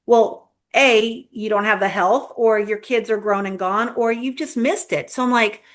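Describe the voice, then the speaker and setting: Earnest higher-voiced woman guest. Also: a little slow, a bit bright. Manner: earnest, storytelling with repeated starts. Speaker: guest, real estate agent leader. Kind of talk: conversational interview.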